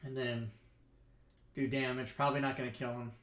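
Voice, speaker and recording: A man's voice: medium pitch, little pitch movement, normal speed, a bit bright. A man running a tabletop game from home, loose and self-mocking, swearing often and drifting back from his desk mic. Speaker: dungeon master and streamer. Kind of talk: casual tabletop game chat. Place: home streaming setup. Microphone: desk microphone, often leaned away from.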